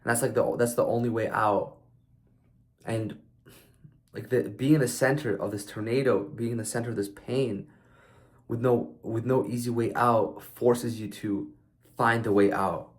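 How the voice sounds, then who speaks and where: A man's voice: mid-range voice, steady tone, a little slow. A man giving a casual motivational monologue, loose and conversational, with frequent fillers and restarts and some blunt swearing. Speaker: speaker sharing life advice.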